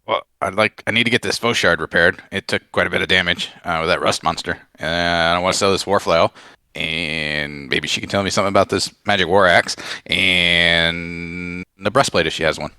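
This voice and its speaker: Low-voiced guy playing a tabletop game, bright tone, chill and matter-of-fact. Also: steady tone, moderate pace, clean tone, no echo. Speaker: player.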